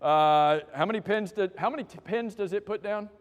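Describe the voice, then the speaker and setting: A man's voice: high-pitched, normal speed, in a large hall, dull audio. A man leading a church class through quiz questions, joking with the people who answer and calling on them by name. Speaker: Bible class teacher.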